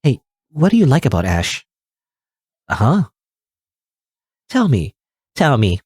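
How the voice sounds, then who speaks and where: A man's voice: mid-range voice, wildly swooping pitch, takes it slowly, a little mellow, slightly rough, no room sound, studio quality, heavily acted. A man voicing a lonely, clingy teenage schoolgirl with a creepy edge in a visual novel, pleading and sweetly insistent. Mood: prying.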